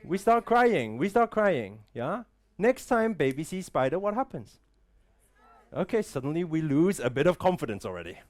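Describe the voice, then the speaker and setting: A man's voice: fairly high pitch, big pitch swings, moderate pace. A man giving a live motivational talk to an audience in an event room, full of rhetorical questions and repeated "right?". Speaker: motivational speaker.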